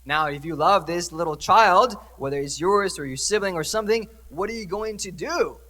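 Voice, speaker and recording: Priest preaching in a reverberant church. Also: male voice, high-pitched, moderate pace, bright, forceful tone. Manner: conversational, asks the congregation questions. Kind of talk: sermon.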